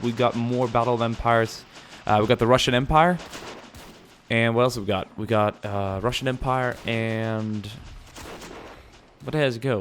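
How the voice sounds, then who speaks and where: A man's voice: mid-range voice, slight background noise. A man giving casual, rambling gameplay commentary, musing aloud and swearing now and then. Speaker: gaming channel host.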